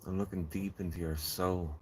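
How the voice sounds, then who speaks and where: Deep-voiced man rambling on a live stream. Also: fairly even intonation, normal speed, a little hiss or hum. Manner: rambling, joking, talks to viewers and a fly. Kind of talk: casual live stream chat. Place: in a greenhouse in the rain.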